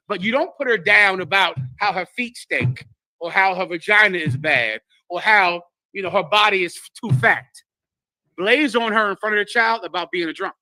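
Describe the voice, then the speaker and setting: Teaching scripture to a group, a male religious teacher lectures emphatically and acts out the voices of those he quotes. His voice sits high, bright and forceful, recorded with no room sound.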